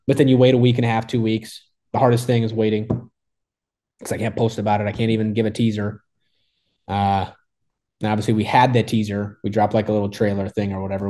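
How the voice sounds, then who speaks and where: A lowish-voiced man rambles excitedly through the tale of his hole in one during a casual interview, full of "like" and false starts.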